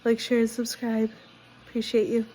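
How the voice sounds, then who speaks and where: A woman's voice: on the high side, monotone, moderate pace, dark tone, slight background noise, low-quality recording. A young woman vlogging casually about her life, candid and direct, emotional and sick with a cold. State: sick, congested. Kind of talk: casual personal vlog.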